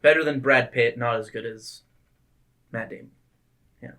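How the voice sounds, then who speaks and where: A man with a bright, forceful voice talks loosely about a film he just watched. He swears freely and gets animated, and he drops into quick impressions when he quotes lines. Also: mid-range voice. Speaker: movie podcast co-host. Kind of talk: casual chat.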